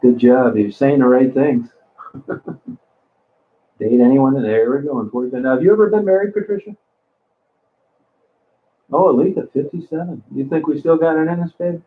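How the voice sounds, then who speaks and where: A man's voice: mid-range voice, moderate pace, long pauses. A man hosting a casual livestream, talking bluntly and crudely to viewers as he reads their comments. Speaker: livestream host. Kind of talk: casual live chat reading comments. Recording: tinny phone-like sound.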